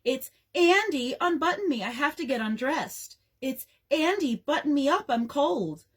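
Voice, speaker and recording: A woman's voice: high-pitched, animated, measured pace, pitched above the performer's own voice. A woman reading aloud as an exasperated teenage girl who complains theatrically.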